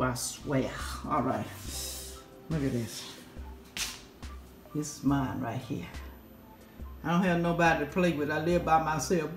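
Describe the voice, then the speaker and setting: An older woman who hosts a cooking channel, chatting casually with viewers while she walks through the craft room in her home. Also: low voice. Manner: chatty, talks to viewers as "y'all". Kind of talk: casual home-tour vlog chat. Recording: echoey room with faint music.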